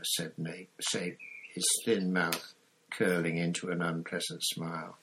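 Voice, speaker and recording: A man narrating a storybook chapter in a steady reading voice, with an occasional slip and restart. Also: deep voice, takes it slowly, a little hiss or hum, rough recording. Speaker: audiobook reader.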